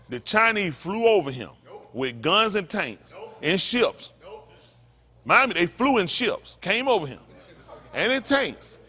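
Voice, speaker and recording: A man's voice: high-pitched, bright, forceful tone. A man preaching to a congregation in a fiery, emphatic way, repeating his points and throwing in mocking asides. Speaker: pastor.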